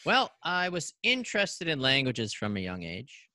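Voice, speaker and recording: A man from Canada in his thirties, a podcast guest telling stories in a casual, animated way and acting out the voices in them. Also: mid-range voice, normal speed, dry recording, clean studio sound. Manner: animated, acts out voices in anecdotes. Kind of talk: casual storytelling.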